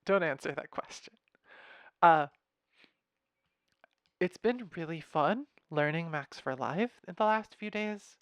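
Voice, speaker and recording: A young man casually walking through his music software patch, thinking aloud with fillers and wry asides, recorded at his computer. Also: a little high, expressive, slow, long pauses, clean tone, dry recording. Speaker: music software tutorial host. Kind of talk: casual screen-share walkthrough.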